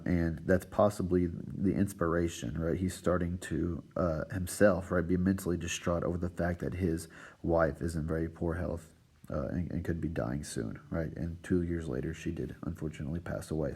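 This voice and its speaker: Low husky male teacher, "right?" after every point. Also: dark tone. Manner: checks in with a constant "right?" and "all right". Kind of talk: recorded lesson lecture.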